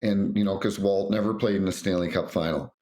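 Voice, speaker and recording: Low-voiced man telling stories animatedly. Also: fairly quick. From North America. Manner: animated anecdotes, acts out quotes. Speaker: guest, former referee. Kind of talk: storytelling interview.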